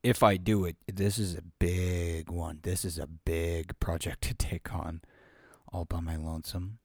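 Amateur male reader, casual chat, unhurried and rambling, dry close sound. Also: low voice, level tone, no echo. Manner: rambling, self-deprecating, with frequent fillers. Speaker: amateur reader of children's stories. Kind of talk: casual chat after a reading.

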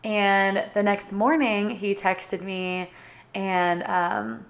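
Young adult woman vlogger, chatty and bubbly, mid pitch, casual storytime delivery. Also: level tone, very slow. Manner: chatty, bubbly, filler-heavy with frequent "like".

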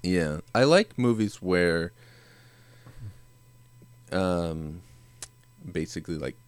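Male podcast co-host, very low voice, relaxed and profane, casual movie talk. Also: very slow, smooth, dry recording. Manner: laid-back, swears freely, laughs often. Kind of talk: casual chat about movies.

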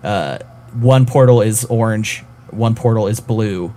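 A man's voice: lowish voice, a little slow, dark tone. A man co-hosting a casual podcast about games, talking in a rambling, hesitant way with lots of fillers. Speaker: podcast co-host.

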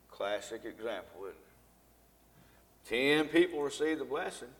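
Man, Bible lesson sermon, folksy, mid-pitched voice, long hall reverb. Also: animated, slow pace, long pauses. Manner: reads scripture aloud with rising emphasis, then talks folksy to the congregation. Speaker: Bible class teacher.

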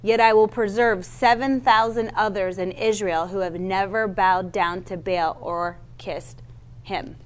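A woman's voice: medium pitch, fairly even intonation, a little slow. Brief: woman preacher, reads scripture aloud then teaches, casual asides, trips on old names. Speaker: Bible teacher. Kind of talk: sermon with Bible reading.

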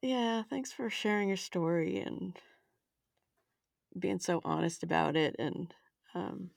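A woman's voice: fairly low pitch, expressive, slow, vocal fry. Upbeat, encouraging woman podcast host. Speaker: podcast host and self-defense teacher. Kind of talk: podcast hosting and guided affirmations.

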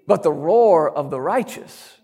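A middle-aged man preaching a sermon, telling a story and breaking into sudden loud shouts. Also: on the high side, lively intonation, measured pace, slightly rough, in a large hall. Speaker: guest preacher.

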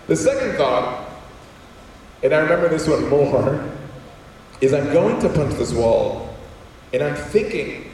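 Man, comedian, storytelling talk, animated, self-deprecating, echoey hall from afar, faint ambience. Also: medium pitch, moderate pace, long pauses, a little hiss or hum. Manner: animated, self-deprecating, acts out quotes in changing voices. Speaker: comedian and former teacher giving a talk. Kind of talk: humorous storytelling talk to an audience. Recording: echoey hall heard from far off.

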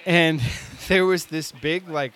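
A man in his forties tells a long story in a relaxed way, lively and often laughing, with plenty of filler words. His voice sits fairly high and he speaks slowly.

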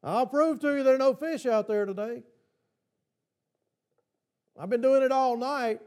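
A man's voice: very high-pitched, a little slow, a little mellow. A man preaching who voices a skeptical fisherman in a sarcastic tone.

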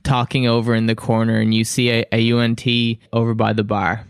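A man runs a tabletop game as game master, narrating scenes in a casual, easygoing way. His voice sits in a middle pitch, and the sound is dry and close. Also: completely flat delivery, fairly quick, clear, resonant tone, dry recording.

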